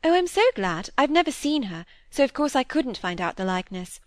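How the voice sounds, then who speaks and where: A woman's voice: high voice, very animated, fairly quick, no room sound, pitched above the performer's own voice. An eager, candid young girl from a period novel, as a woman narrator voices her. She speaks openly and earnestly, recorded dry and close. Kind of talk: audiobook character reading.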